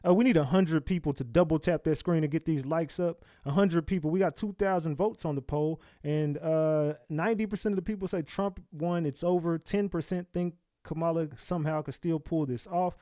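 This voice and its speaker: A man's voice: a little high, fairly quick, few pauses, mellow, no echo, clean studio sound. A man hosting a livestream, talking casually to his viewers and asking them to like and subscribe. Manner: talks straight to viewers, asks for likes. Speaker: livestream host. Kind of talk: casual commentary to live chat.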